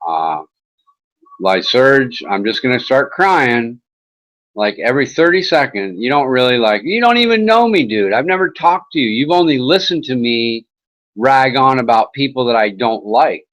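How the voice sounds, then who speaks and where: Male internet host, mid-pitched, lively and mocking, rambling and profane. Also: measured pace, rough recording. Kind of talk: casual rambling chat.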